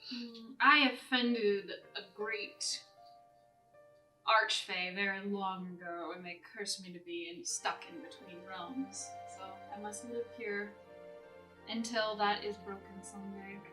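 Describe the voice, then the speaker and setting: A woman voicing a ghostly cursed male elf who speaks slowly and softly in a hushed tone. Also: mid-range voice, steady tone, over music, close to an everyday voice. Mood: wistful. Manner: slow, soft and hushed. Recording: echoey room, far from mic.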